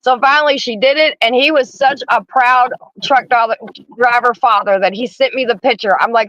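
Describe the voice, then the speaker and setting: A woman's voice: fairly high pitch, steady tone, moderate pace, a bit bright, dry recording. Middle-aged woman, chatty storyteller, dry lo-fi video call sound, casual swearing. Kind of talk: casual chat. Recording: dull lo-fi call audio.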